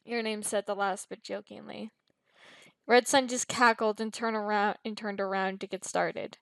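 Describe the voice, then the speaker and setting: A woman reads a fan fiction story aloud in plain storybook narration, often tripping over words and starting lines again. Her voice sits at an average pitch and is recorded dry, with no echo. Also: normal speed. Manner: frequent stumbles and restarts.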